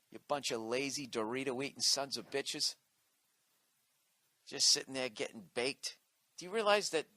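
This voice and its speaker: A man's voice: on the high side, fairly bright tone, dry recording. A male comedian delivering a profane, combative comedic rant on his podcast.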